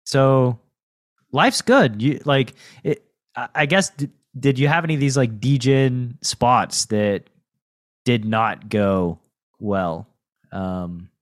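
A man hosting a podcast, asking relaxed questions and chuckling along with his guest. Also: medium pitch, takes it slowly, no room sound, clean studio sound. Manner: laid-back, chuckling interjections. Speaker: podcast host. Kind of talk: casual interview chat.

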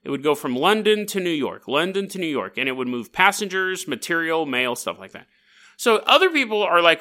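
Lively, bright-voiced joking male podcast host. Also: fairly high pitch, a little fast. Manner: animated, jokey, acts out characters. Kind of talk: casual comedic storytelling.

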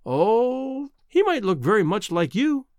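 A man reading a novel aloud, voicing a proud, cool-headed young woman who gently turns down a suitor. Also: sits high, big pitch swings, unhurried, no room sound, studio quality, pitched above the performer's own voice. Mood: teasing. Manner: gently reproving, composed.

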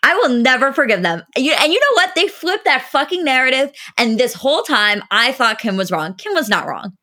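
Emphatic young woman co-host, bright voice. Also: high voice, very animated, moderate pace. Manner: emphatic, blunt reactions with swearing. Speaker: podcast co-host. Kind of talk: casual chat.

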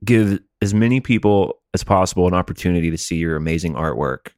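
A man's voice: sits low, lively intonation, fast, a little mellow, dry recording, studio quality. A man co-hosting a podcast, teasing his friend and giving playful advice in casual chat. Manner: teasing, gives pep-talk advice, asks mock interview questions. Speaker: podcast co-host.

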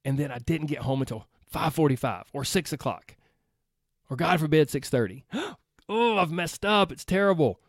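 A man's voice: fairly high pitch, lively intonation, moderate pace, no room sound. Guy coaching folks on a motivational talk, earnest, keeps repeating himself for punch, dry close sound. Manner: earnest, conversational, repeats phrases for emphasis. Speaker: health and weight-loss coach.

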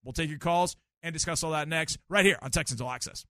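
A middle-aged man hosting a sports talk radio call-in show, explaining football plays in an animated, emphatic way. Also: fairly high pitch, fast talker, heavy background noise. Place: radio studio. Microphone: studio microphone.

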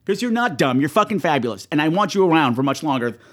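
A man's voice: fairly high pitch, sing-song, fast talker. A man hosting a horror movie show, talking casually and profanely to his viewers and shrieking in mock panic.

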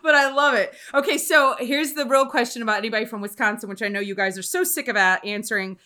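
Woman, from Louisiana, host, casual chat, animated, bright tone. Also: on the high side. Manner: animated, laughing, quick questions.

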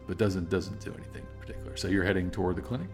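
A man's voice: low-pitched, very fast, darkish tone, soft background music. A man narrating a tabletop game as game master, easygoing and hesitant, with many ums. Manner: easygoing, hesitant, laughs at own jokes.

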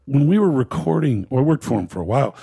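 A man's voice: medium pitch, animated, quick pace, vocal fry, warm tone, breathy edge. A middle-aged man, a guest, telling laid-back, rambling stories about his years as a touring crew member, full of "you know" and "like". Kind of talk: casual storytelling on a podcast.

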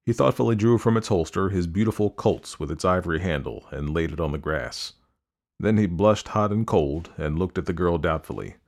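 A man narrating a story aloud, reading in a measured, descriptive way. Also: low-pitched, darkish tone.

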